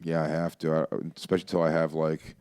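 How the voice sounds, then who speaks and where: A man with a very low, smooth and resonant voice, telling stories on a podcast in a rambling, animated way. The sound is dry and close, with no room around it. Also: fast, dry recording. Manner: rambling, animated storyteller with restarts. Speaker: comedian guest. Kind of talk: casual podcast chat.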